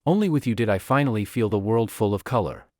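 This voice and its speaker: A man voicing an obsessive young female vampire, clingy and menacing, in a lively, dry recording. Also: fairly low pitch, quick pace, no room sound, lightly acted. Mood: adoring. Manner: clingy, then coldly possessive.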